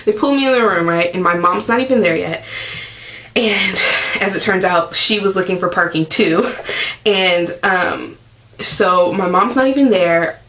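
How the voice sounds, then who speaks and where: A woman's voice: fairly low pitch, measured pace, a bit bright, low-quality recording. A young woman vlogging, telling a story casually to the camera, filling it with "like" and acting out what people said. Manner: chatty, heavy use of "like", acts out quotes.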